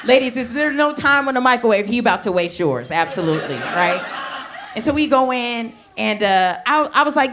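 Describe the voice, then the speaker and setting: A woman's voice: fairly high pitch, animated, normal speed. Brash woman doing stand-up in a noisy club. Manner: brash, loud and conversational, talking straight to the crowd. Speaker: stand-up comedian. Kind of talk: stand-up comedy set. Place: comedy club stage with a laughing audience. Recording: live club recording with clear background noise.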